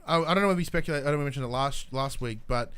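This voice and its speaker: A man's voice: medium pitch, rapid-fire, a bit bright, smooth. A man co-hosting a casual podcast, swearing freely, laughing and acting out wrestlers' lines. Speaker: podcast co-host. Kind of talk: casual chat recapping wrestling.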